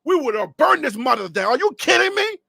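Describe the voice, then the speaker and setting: Fired-up high-pitched man ranting live. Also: brisk, gravelly, no room sound, clean studio sound. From Liberia. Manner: animated, mocking, swings from low asides to shouting. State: losing his voice. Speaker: sports commentator. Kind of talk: live-stream sports rant.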